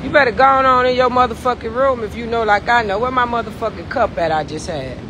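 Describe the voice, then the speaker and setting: A woman's voice: a little high, fast talker, background noise. A woman ranting profanely and confrontationally on a late-night phone livestream. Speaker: social media personality.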